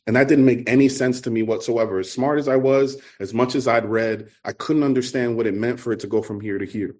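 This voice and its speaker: Man, New York accent, middle-aged, earnest, halting, repeats himself, personal recovery testimony. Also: medium pitch, a little mellow. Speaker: recovery meeting speaker.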